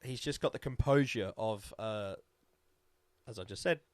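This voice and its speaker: A man's voice: fairly low pitch, measured pace, no echo. A man co-hosting a casual motor-racing chat podcast, opinionated and prone to restarting his sentences. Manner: opinionated, restarts and repeats himself. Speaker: podcast co-host.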